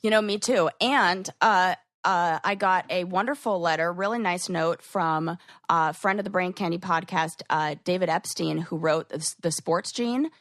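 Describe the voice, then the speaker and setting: In a casual podcast conversation, a female co-host chats away and performs the phrases she quotes while explaining. She has a lowish, slightly bright voice at normal speed, recorded dry with studio quality.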